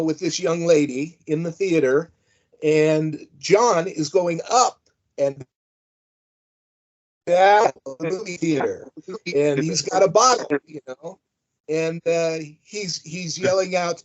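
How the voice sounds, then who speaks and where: A man's voice: high-pitched, darkish tone. Older man spinning rambling stories. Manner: rambling, amused, many fillers. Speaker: guest, former wrestling manager. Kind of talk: anecdotal storytelling. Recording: dull lo-fi audio.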